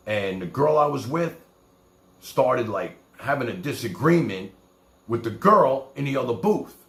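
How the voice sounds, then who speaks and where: A man's voice: mid-range voice, fairly bright tone, roomy sound. A man from New York with a New York accent, telling rambling, profane stories in casual talk as a streamer. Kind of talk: casual storytelling.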